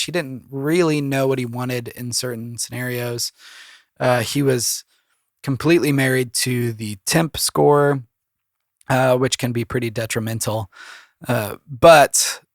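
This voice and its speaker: A composer hosting a casual solo podcast gives loose, rambling advice packed with fillers. He has a cold that makes his gravelly, mid-range voice deeper than usual, and the studio-quality recording is dry.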